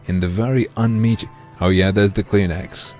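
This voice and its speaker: A man's voice: on the low side, fairly even intonation, moderate pace, a little mellow, soft background music. A man narrating and commenting on a video game with sardonic, crude asides. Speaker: let's play host.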